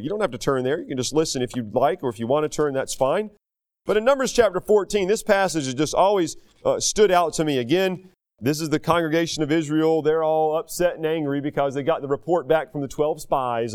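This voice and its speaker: Male preacher, american, high-pitched voice, folksy and animated sermon. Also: smooth. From United States. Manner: folksy, animated, raises voice for quoted speech.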